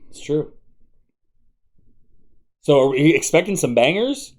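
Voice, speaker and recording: A man's voice: on the high side, sing-song, takes it slowly. Joking, rambling male podcast co-host. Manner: joking, rambling, puts on impressions. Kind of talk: casual profane banter.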